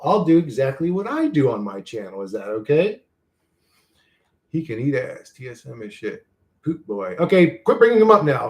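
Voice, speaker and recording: Animated, profane streaming man. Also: fairly high pitch. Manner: profane, heated, rambling. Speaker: channel host reading live chat. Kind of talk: casual livestream chat.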